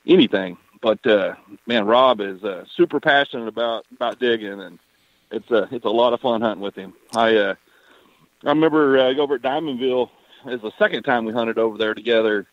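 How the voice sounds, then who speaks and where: A man calling in to a radio show, rambling excitedly with lots of fillers. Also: medium pitch, brisk, no room sound. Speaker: caller. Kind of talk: casual call-in chat. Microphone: phone. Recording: muffled phone call.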